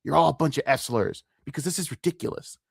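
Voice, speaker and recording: A man's voice: medium pitch, fast talker, gravelly, slightly rough, no room sound, clean studio sound. A man ranting profanely and with exasperation on his commentary stream.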